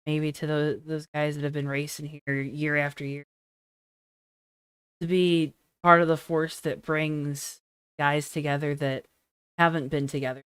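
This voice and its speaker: A woman with a low, smooth voice conducts a friendly post-race interview, reassuring her guest as her questions ramble on. The sound is dry and close, with no room around it. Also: little pitch movement, measured pace, dry recording.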